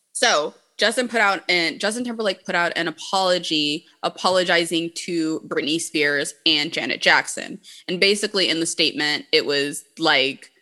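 Woman, co-host, bright tone, casual chat, blunt, profane. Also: fairly low pitch. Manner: blunt and profane, heavy use of "like".

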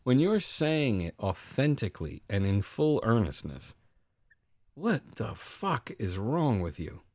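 A man's voice: lowish voice, very animated, slow pace, a little mellow, dry recording, clean studio sound. A man co-hosting a podcast in casual chat, ranting sarcastically and swearing a lot. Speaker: podcast co-host.

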